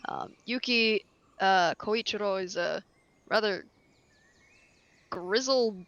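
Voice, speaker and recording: A woman's voice: medium pitch, takes it slowly, fairly bright tone, no room sound, lo-fi sound. A woman narrating as game master of a tabletop role-play, rambling with many fillers and easy laughs.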